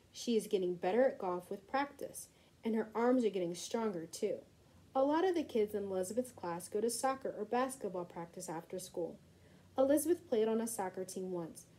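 A woman reading a children's storybook aloud in a gentle, expressive way. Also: a little high, low-quality recording. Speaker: reader.

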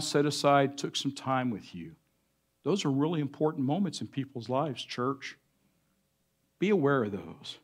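Male pastor preaching, somewhat high-pitched, earnest and measured with emphatic swells. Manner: earnest, pausing, varies loudness for emphasis. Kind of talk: sermon.

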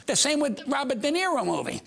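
Brash older man with a high, gravelly voice, rattling off anecdotes on a talk show. He jumps in and out of the voices of the people in his stories. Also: huge pitch swings, brisk, a bit bright. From United States. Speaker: comedian guest.

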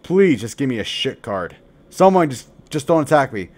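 A man's voice: mid-range voice, big pitch swings, normal speed. Foul-mouthed young male game streamer. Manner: profane, trash-talking, swinging from mumbles to shouts. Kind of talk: live gameplay commentary.

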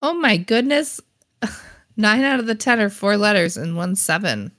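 Woman, stream co-host, thinks aloud, animated intonation, unhurried. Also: medium pitch. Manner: thinking aloud, trying guesses. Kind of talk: casual livestream chat solving a crossword.

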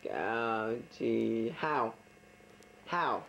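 A man at home playing charades with family, rapidly calling out guesses in casual chatter. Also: medium pitch, expressive, vocal fry, fairly bright tone, slight background noise. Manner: guessing rapidly aloud, trying out words. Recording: dull lo-fi home video.

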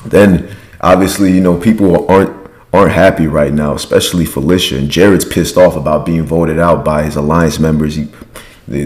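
Low-voiced male podcast host, casual slangy recap, acts out quotes. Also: darkish tone. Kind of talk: casual reality-show recap.

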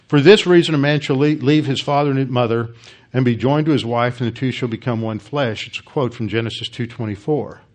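Emphatic pastor teaching scripture. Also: male voice, medium pitch. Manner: emphatic lecturing with frequent restarts. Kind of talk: expository Bible teaching sermon.

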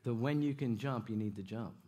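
Animated preacher man telling stories. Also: mid-range voice, brisk. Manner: animated, jokey, repeats himself, audience call-outs. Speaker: guest preacher. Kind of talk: sermon with stories and jokes. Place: church sanctuary.

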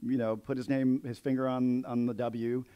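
A man's voice: mid-range voice, little pitch movement, normal speed, smooth, muffled recording. A man, an author being interviewed at a live bookstore event, speaking hesitantly with frequent restarts. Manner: hesitant, many restarts and fillers. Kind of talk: conversational book interview.

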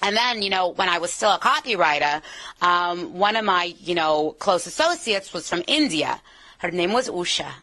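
An American actress in a casual interview, talking in an animated, playful way. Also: female voice, fairly low pitch, moderate pace. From United States. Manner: animated, playful, slips into accents.

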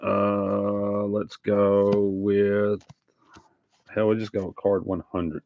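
A man's voice: fairly low pitch, flat delivery, very slow, no echo. A man hosting a live trading card break, chatting casually and teasing viewers with sing-song hype calls. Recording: dull lo-fi stream audio.

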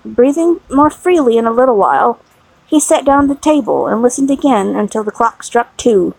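A woman narrating a classic novel in a measured, even reading style with a slightly gravelly voice. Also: a little high, dry recording, low-quality recording. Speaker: audiobook narrator.

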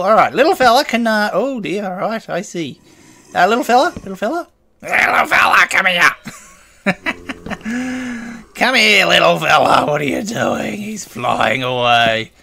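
A man's voice: a little high, creaky, a bit bright. A man giving casual, playful commentary over his own gameplay, chatting to the creatures on screen. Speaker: gaming video host.

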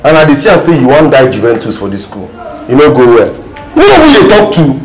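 A man's voice: mid-range voice, huge pitch swings, fairly quick, roomy sound, low-quality recording. An actor with a Nigerian accent playing a cocky student who mocks his friend in pidgin. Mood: mocking. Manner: mocking, pidgin banter. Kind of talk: Nollywood film acting.

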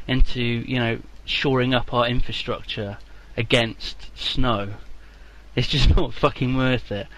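Podcast co-host, man from England, deadpan, mock-serious, swears freely. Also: medium pitch, poor audio. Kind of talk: casual comedy chat.

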